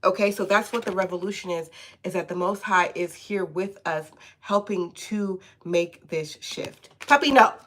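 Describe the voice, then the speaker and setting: A woman's voice: on the low side, steady tone, measured pace, a bit bright. A woman giving a casual live tarot reading from home, chatty and often checking in with "okay?". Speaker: tarot reader.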